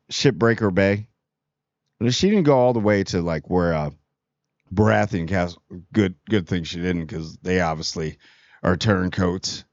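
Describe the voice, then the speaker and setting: A man's voice: medium pitch, no echo, lo-fi sound. A man casually reviewing a TV episode in a rambling, slangy way, paraphrasing characters as he goes. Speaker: show host reviewing TV.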